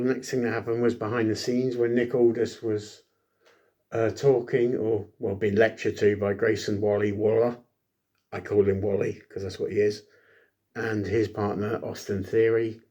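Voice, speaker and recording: A man's voice: fairly low pitch, darkish tone. A man recapping a wrestling show in a rambling, self-deprecating way, full of ums and asides. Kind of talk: casual solo recap.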